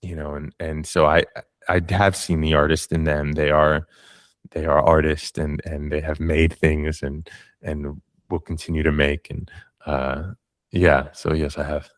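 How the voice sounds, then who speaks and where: A man's voice: a bass voice, flat delivery, measured pace, no echo, studio quality. A man hosting a casual conversation, earnest and loose, with casual swearing. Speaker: podcast host.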